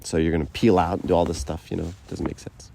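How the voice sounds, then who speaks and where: A man's voice: deep voice, level tone, quick pace, gravelly, dark tone, a little hiss or hum. A man giving a casual spiritual talk to a group, telling stories with lots of "right?" and "you know". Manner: conversational, many fillers and asides like "right?"; tells stories by acting out quotes. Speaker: speaker giving a faith talk.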